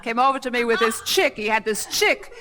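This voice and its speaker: A middle-aged woman with a high voice works a live crowd through a stand-up story. She lands each punchline with brassy timing. It sounds like a vintage 1960 comedy album, with audience laughter behind her. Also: expressive, brisk, pushed and bright.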